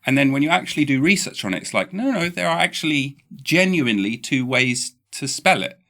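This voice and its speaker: A man's voice: mid-range voice, brisk. A man with an English accent hosting a podcast in casual, rambling chat, often restarting his sentences. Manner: rambling, restarts often, animated when quoting. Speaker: podcast host.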